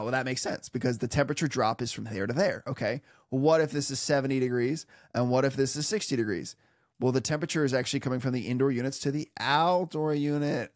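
A man teaching an HVAC lesson in an animated, playful way, with theatrical asides and sung sound effects. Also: medium pitch, no room sound, clean studio sound. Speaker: HVAC instructor. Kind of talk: animated technical tutorial.

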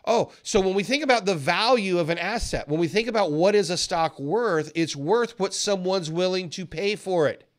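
A man teaching a trading seminar in an animated way, laughing often and acting out traders' reactions. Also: sits high, normal speed, hardly any pauses. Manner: animated, acts out traders' reactions in quoted voices; laughs often while explaining. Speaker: trading educator.

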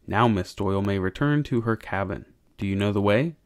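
A man reading an audiobook, voicing a gentle, soft-spoken old male ship's cook who turns hushed and urgent. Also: brisk, dry recording, close to an everyday voice. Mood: hushed, urging. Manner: soft-spoken, grows to low hushed urging.

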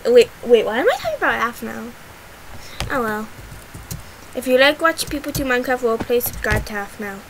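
Giggly, high-voiced woman gaming host. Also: fairly quick, long pauses. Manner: giggly, rambling, with sudden excited squeals. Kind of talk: casual gameplay commentary. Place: bedroom. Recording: noisy, fireworks popping behind. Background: fireworks.

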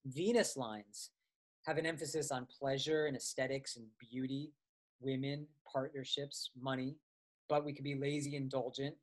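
A man's voice: mid-range voice, darkish tone. A man teaching astrology in a casual, conversational way, with frequent fillers and restarts as he tells personal stories. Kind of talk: casual explanatory lecture.

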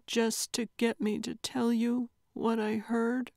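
A woman narrator voicing a frightened, tearful young woman in her late twenties, in a higher, softer, shaky voice. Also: level tone, slow pace, vocal fry, no room sound.

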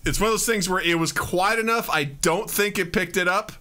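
A man's voice: sits high, fairly quick. A male podcast host chatting casually, telling funny stories and acting out his own outbursts. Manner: animated storyteller, acts out his own outbursts. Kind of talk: casual chat.

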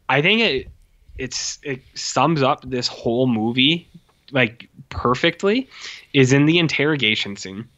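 A man co-hosting a film review podcast in loose, casual chat. His voice is bright and forceful, and he keeps circling back with "like" and "uh". The recording sounds dull and lo-fi. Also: medium pitch. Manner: rambling, heavy use of "like" and "uh" fillers; animated retelling of scenes. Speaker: podcast co-host.

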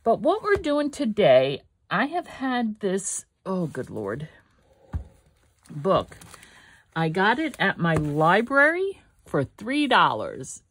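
A woman's voice: mid-range voice, wildly swooping pitch, slow, a bit bright, slight background noise. An older woman hosting a casual craft vlog from her home studio, rambling and correcting herself as she thinks aloud. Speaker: craft channel host.

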